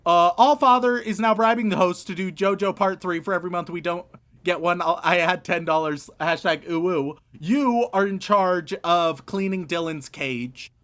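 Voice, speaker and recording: A man's voice: high-pitched, moderate pace, fairly bright tone. A man co-hosting a casual comedy podcast, wry and profane as he hands out jokey tasks. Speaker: podcast co-host.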